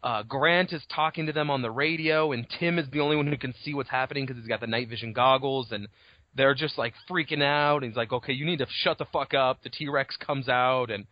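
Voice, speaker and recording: A man's voice: medium pitch, brisk, dry recording. Swearing, laughing podcast co-host man. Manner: animated, swears freely, laughs often. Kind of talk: casual book discussion podcast. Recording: dull lo-fi dry recording.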